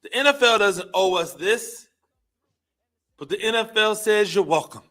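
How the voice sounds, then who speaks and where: A man hosting a football talk show, giving an emphatic, excitable opinion monologue and repeating his points with rhetorical questions. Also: high-pitched, moderate pace. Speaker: football commentary show host.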